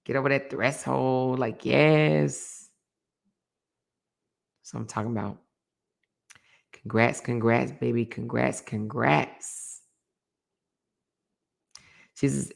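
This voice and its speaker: Her voice a rumbling low with a gravelly edge, this middle-aged host takes her time, leaving long pauses. She's animated and chatty on a casual livestream, reading out viewer comments and repeating phrases to stress them.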